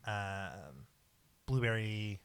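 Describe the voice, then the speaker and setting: A man's voice: lowish voice, expressive, extremely slow, a bit bright, smooth. A man co-hosting a casual podcast, talking in a rambling, hesitant way with lots of ums. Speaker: podcast co-host. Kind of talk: casual chat.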